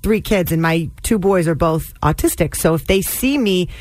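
A woman's voice: fairly low pitch, expressive, moderate pace, a little mellow, no room sound. A woman co-hosting a morning radio show, chatting casually and laughing easily with her co-host.

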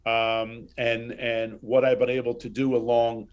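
A man in his sixties, a guest in an interview, telling anecdotes in a casual, animated way and acting out the dialogue. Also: medium pitch, a little slow, lo-fi sound.

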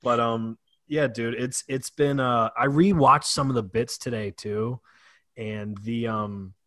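A man's voice: mid-range voice, steady tone, measured pace, sharp tone, dry recording, clean studio sound. A young male podcast host chatting casually with a guest, laid back and full of likes and ums. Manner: laid-back, filler-heavy. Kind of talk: casual chat.

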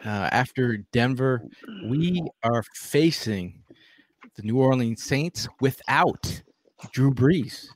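A man's voice: mid-range voice, slow pace, dry recording. Slangy male co-host who rambles and restarts a lot, dry close sound. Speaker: podcast co-host. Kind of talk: casual sports chat.

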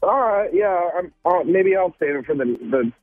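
A man's voice: high voice, lively intonation, normal speed, faint music behind. A man on the phone to a radio show, sheepish and sentimental. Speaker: caller. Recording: tinny phone line.

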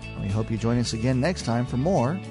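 A man reading a scripted radio outro in a smooth, even announcing voice. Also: medium pitch, brisk, soft background music.

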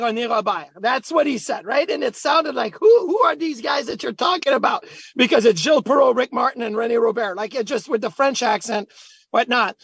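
A former hockey player talking as a guest at a golf charity event, telling stories in a chatty, animated way. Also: male voice, high-pitched, dry recording. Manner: animated, chatty, acts out quotes. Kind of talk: storytelling.

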